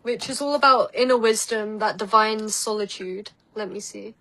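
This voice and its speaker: On poor audio with slight background noise, an Essex-accented woman from Essex, England chats casually as a psychic podcast guest doing tarot readings. Her mid-range voice is sharp in tone at normal speed, and she laughs easily, peppering her talk with "like" and "um".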